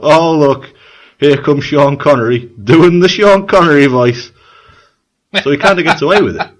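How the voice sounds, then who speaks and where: A man co-hosting a casual chat over a video call, sweary and excitable, often repeating himself. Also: medium pitch. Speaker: podcast co-host.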